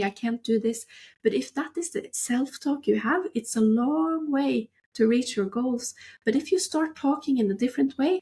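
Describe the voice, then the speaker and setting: A fairly high-pitched woman co-hosting a podcast in casual chat. She speaks with steady enthusiasm, encouraging her co-host and the listeners about mindset and goals.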